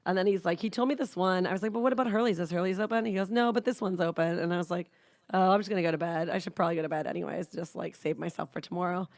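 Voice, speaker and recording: Woman podcast host, gravelly voice, dry close sound, rambling casual anecdote. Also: lowish voice, rapid-fire, no echo. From Canada. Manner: rambling, animated anecdotes with frequent swearing. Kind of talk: casual storytelling chat.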